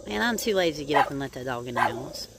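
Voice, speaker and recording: A woman's voice: deep voice, animated, fast, very noisy. A middle-aged woman talking in a casual personal video diary, rambling and chatty with lots of "like" and "um" and calling her viewers "y'all". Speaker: vlogger.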